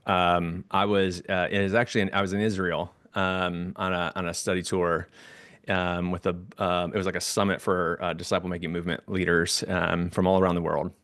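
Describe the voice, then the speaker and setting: A man in ministry leadership telling a story in casual conversation, animated and full of fillers and restarts. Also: sits low, a little fast, dry recording.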